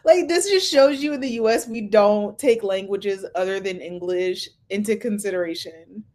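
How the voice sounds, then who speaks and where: A woman hosting a reaction video, giving casual, animated commentary on a clip she is watching, laughing often and voicing her opinions. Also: mid-range voice, moderate pace.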